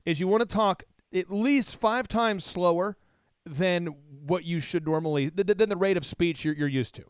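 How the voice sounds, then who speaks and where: A man's voice: high-pitched, normal speed, smooth, no room sound, clean studio sound. A man from Oklahoma hosting an interview show, playful and teasing, often repeating words as he starts a sentence. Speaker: podcast host. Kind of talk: joking interview chat.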